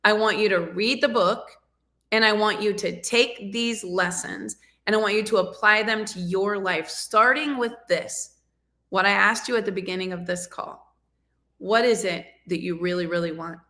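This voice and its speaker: A woman coaching an audience live over a video call, her voice bright and forceful. She speaks emphatically, pushing listeners to take action. The sound comes from a video call microphone. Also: mid-range voice, normal speed. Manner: emphatic, rousing, urges the audience to act. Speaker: motivational coach and show host.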